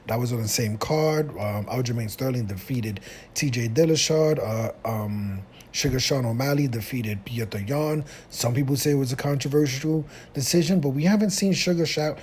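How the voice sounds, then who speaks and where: A man's voice: medium pitch, moderate pace, a little mellow, a little hiss or hum. A man talking casually through his views as a solo commentator, rambling with lots of fillers and restarts. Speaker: YouTube commentator.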